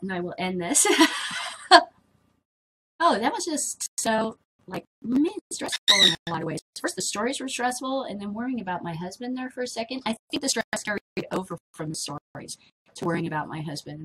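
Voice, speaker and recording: A woman's voice: fairly low pitch, a bit bright, slight background noise, rough recording. A middle-aged woman hosting a casual video blog, rambling to the camera with frequent laughter. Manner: chatty, laughs often, drifts between topics. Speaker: vlog host.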